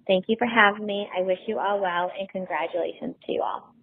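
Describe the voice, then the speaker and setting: A woman's voice: medium pitch, a little fast. Earnest woman over phone-like audio. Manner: heartfelt, steady and earnest. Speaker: daughter giving a tribute. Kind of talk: read tribute message.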